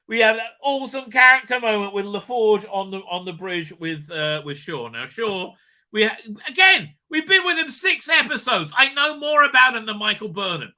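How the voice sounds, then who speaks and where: A man hosting a live stream, rambling excitedly with lots of fillers and tag questions. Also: sits high. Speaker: show host. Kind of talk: live-stream fan commentary.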